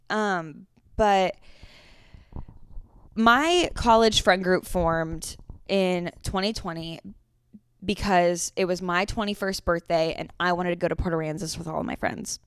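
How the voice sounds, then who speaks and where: A woman's voice: lowish voice, clean tone, no room sound, studio quality. A woman in her twenties hosting a casual solo podcast, telling stories in a chatty, swearing way. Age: 20s. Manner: chatty storytelling with frequent swearing. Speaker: podcast host.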